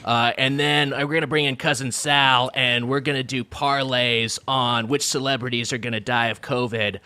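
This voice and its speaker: A man doing an impression of a male sports podcast host who runs through a show's lineup in slow, laid-back promo patter. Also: mid-range voice, steady tone, sharp tone, clean tone, no echo, pitched below the performer's own voice, natural voice. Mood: mock-promo.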